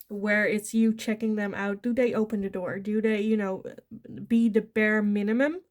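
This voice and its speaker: A woman from the Netherlands, giving a chatty pick-a-card tarot reading. She laughs often and acts out the lines she imagines people saying. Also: medium pitch. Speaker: tarot reader.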